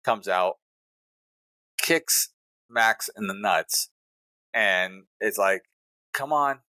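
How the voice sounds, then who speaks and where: A male podcast co-host giving an animated, play-by-play recap in casual chat. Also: deep voice, drawn-out words, dry recording.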